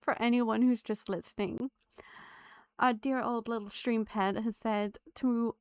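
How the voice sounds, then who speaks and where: A woman's voice: on the high side, steady tone, measured pace, a little mellow, smooth, no echo. A woman live-streaming a game, chatting to her viewers and laughing often. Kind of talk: live gameplay streaming chat.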